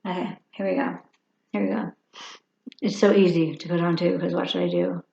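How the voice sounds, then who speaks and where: A woman's voice: fairly low pitch, fairly even intonation, moderate pace, creaky, darkish tone. A woman over fifty chatting casually through a makeup tutorial, rambling and talking to herself as she works. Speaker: makeup vlogger. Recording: echoey room, dull lo-fi sound.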